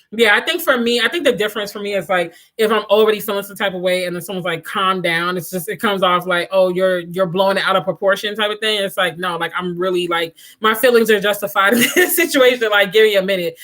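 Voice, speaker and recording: A young woman hosts a relaxed livestream, chatting straight to her viewers and breaking into laughter often. Her voice is bright and lively. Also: medium pitch, quick pace, few pauses. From Washington, DC area. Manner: animated, laughs often, addresses viewers as y'all. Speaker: livestream host. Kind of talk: casual livestream chat.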